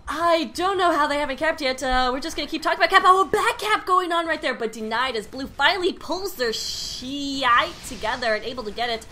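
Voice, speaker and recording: A woman's voice: sits high, lively intonation, a little fast, few pauses, pushed and bright, a little hiss or hum. A woman casting a video game match, joking and riffing between plays. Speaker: esports commentator. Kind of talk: casual game commentary.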